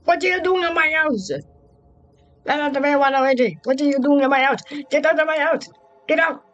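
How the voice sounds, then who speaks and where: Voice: high-pitched, expressive, slow pace, muffled recording, heavily acted. A performer voicing a timid, easily frightened man in a fan-made game role-play, crying out and pleading with lots of repetition. Faint music plays underneath. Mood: angry. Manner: frantic cries and pleading, repeating himself. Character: timid young adult plumber man, jumpy and easily scared.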